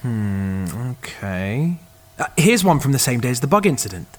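An actor playing a technician with a dry, wry way of talking and quick asides. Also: male voice, medium pitch, sing-song, music in the background, lightly acted.

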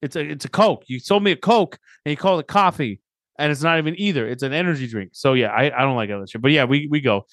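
A man's voice: on the high side, quick pace, fairly bright tone, no room sound. A man in his thirties co-hosting a podcast, chatting casually and telling joking stories where he acts out what other people said. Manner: storytelling, joking, acts out quotes. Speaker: podcast co-host. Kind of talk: casual chat.

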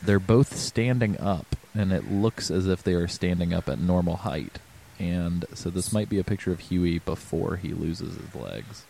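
Deep-voiced man in rambling chat. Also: animated, normal speed, gravelly, few pauses, warm tone, slight background noise. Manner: rambling, filler-heavy, swears. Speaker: podcast co-host. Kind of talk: casual game discussion.

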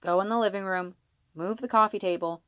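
A woman voicing a blunt, gruff young father who swears and mutters under his breath. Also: medium pitch, steady tone, a little fast, a bit bright, no room sound, lightly acted.

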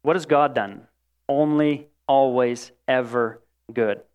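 A man preaching a sermon, shifting between loud, emphatic lines and quiet, drawn-out ones as he acts out quoted voices. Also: mid-range voice, clear, resonant tone, phone-quality sound. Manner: expressive preaching, dramatic quoted voices, swings loud and soft. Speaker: pastor.

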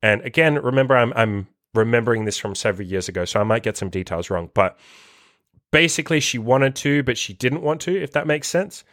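A man's voice: mid-range voice, animated, brisk, a bit bright, no room sound, studio quality. A young man and dating coach telling a story in a casual monologue, loose and profane, full of fillers and restarts.

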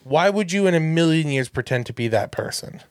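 A man with a slightly high voice co-hosts a casual chat podcast and tells stories with lively energy. He acts out every phone call in the story. His voice is close and dry, with no room sound at all. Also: fairly quick, dry recording. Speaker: podcast co-host.

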